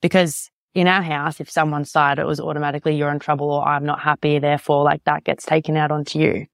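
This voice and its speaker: A woman podcast host speaks casually, often pausing to search for her words and filling gaps with "like". Her voice is very low and carries a gravelly fry. The sound is dry and close. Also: flat delivery, dry recording. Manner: hesitant, searching for words, frequent "like".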